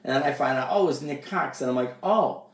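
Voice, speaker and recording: Man, casual storytelling chat, animated quoted voices, roomy echo, set back from mic. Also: medium pitch, quick pace. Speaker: musician and producer. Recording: echoey room, mic at a distance.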